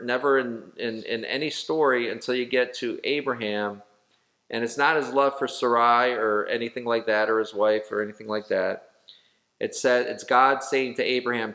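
A male pastor leading a Bible study in an ordinary mid-range voice. He talks through the verses conversationally, restarting and correcting himself along the way. He slows down and stresses the phrases he wants to stick. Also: medium pitch, fairly bright tone. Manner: conversational, with fillers and self-corrections.

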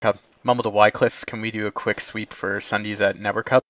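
Low, flat man giving clipped orders. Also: a little fast, dry recording, highs cut off. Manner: clipped radio-style orders. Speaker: game commander.

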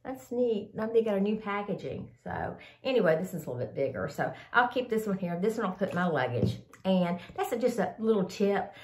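This older woman, a vlogger showing off favorite products, talks briskly in a sing-song, mid-range voice with hardly any pauses, in a reverberant space. She rambles casually, sounds sniffly from a cold, and says "y'all" to viewers.

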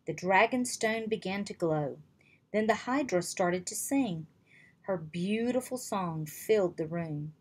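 Slow, breathy woman reading a storybook. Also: medium pitch, expressive. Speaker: reader. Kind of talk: reading a children's chapter book aloud.

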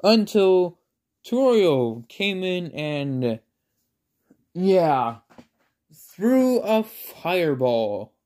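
A man's voice: sits high, sing-song, very slow, long pauses, a little mellow. A man casually telling a made-up fan story, rambling with lots of filler words and self-conscious asides.

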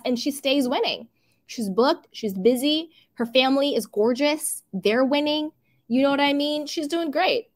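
Livestream host, woman, high voice, chatty and opinionated gossip talk. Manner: chatty and opinionated, laughs often. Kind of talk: casual gossip livestream, reading chat comments.

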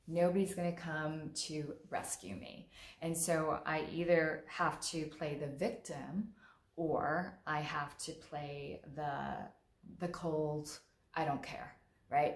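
A female therapist talks in a relaxed, candid monologue and slips into lively acted-out quotes. Her voice sits low, and the room around her rings with noticeable echo. She sounds conversational and direct. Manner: frank and conversational, acts out quotes vividly. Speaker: mental health therapist. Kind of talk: casual monologue talk. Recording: roomy echo.

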